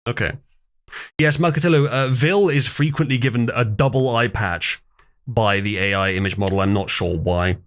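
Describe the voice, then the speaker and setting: A man's voice: mid-range voice, moderate pace, fairly bright tone. A man hosting a live stream, teasing his guests in casual chat. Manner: teasing, joking. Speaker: stream host.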